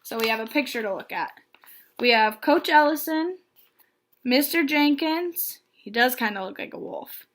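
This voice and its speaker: A woman's voice: high-pitched, expressive, moderate pace, a bit bright. Woman reading aloud to children. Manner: friendly, guiding young listeners through pictures. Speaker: read-aloud storyteller.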